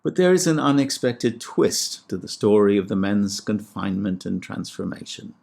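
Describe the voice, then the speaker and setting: Low gravelly man giving a measured lecture. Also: a little mellow. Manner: measured, precise, lightly wry. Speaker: classics scholar and podcast host. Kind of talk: scripted lecture with recited Greek verse.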